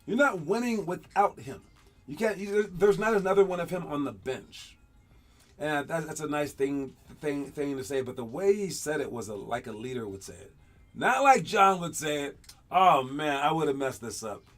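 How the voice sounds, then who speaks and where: A man hosting a basketball show, talking casually over game clips and coaching young players in an animated, rambling way with frequent laughs. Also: on the high side, normal speed.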